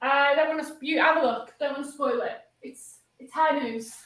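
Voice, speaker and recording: Bubbly high-voiced woman. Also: moderate pace, a bit bright, low-quality recording. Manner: bubbly, lots of "like" fillers. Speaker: guest on a live stream. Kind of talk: casual chat.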